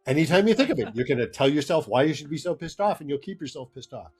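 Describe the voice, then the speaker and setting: A man's voice: on the high side, expressive, fast, darkish tone. A man speaking as a therapist guest, explaining ideas earnestly in conversation and laughing between points.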